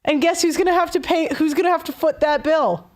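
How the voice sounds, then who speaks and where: A woman's voice: high voice, brisk, darkish tone. A young woman hosting a call-in show, giving a blunt, heated opinion rant with stumbles and restarts. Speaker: host.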